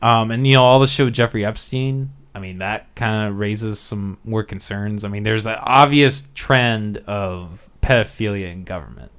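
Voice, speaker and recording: A man's voice: fairly low pitch, normal speed, hardly any pauses, fairly bright tone, smooth. A man hosting a casual podcast, rambling and hesitant, full of fillers and swearing. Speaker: podcast host.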